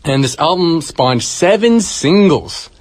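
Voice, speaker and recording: A man's voice: fairly high pitch, animated, slow pace, no echo. A man co-hosting a radio show, reading out music chart facts in an easygoing, chatty way. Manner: reads out music facts, easygoing, laughs often. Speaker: radio co-host. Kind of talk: casual radio chat. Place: radio studio. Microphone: studio microphone.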